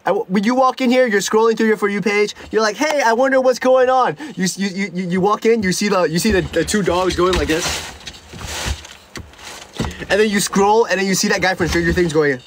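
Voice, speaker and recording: High-voiced young man rambling on stream. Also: a little fast, slight background noise. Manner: rambling and joking, with many stuttered restarts. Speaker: live streamer. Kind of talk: casual livestream chat.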